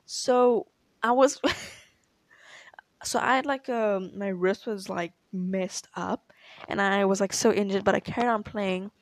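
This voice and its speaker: A woman's voice: medium pitch, fairly even intonation, slow, dry recording. Chatty young woman, dry close sound. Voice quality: chatty, laughs often, fills with "like". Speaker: tennis player answering questions. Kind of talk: casual storytelling to camera.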